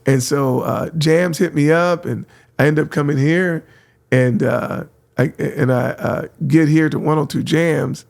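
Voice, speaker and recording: Gravelly, animated storyteller man. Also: a little high, a little slow. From San Francisco. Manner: lively, acts out voices in anecdotes, laughs often. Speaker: radio host guest.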